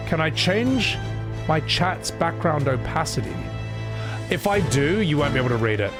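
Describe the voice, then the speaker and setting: Brief: young male streamer, lively rambling commentary, curses freely, game music playing underneath. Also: a little high, moderate pace. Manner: chatty, swearing, talks to chat. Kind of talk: let's-play commentary.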